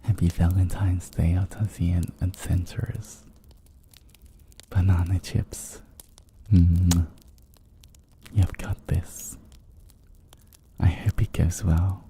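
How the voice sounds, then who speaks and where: A man streaming a whispered ASMR stream, teasing the listeners in a soft, playfully domineering whisper that moves around a binaural mic. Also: sits low, fairly even intonation, takes it slowly, long pauses. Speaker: VTuber streamer.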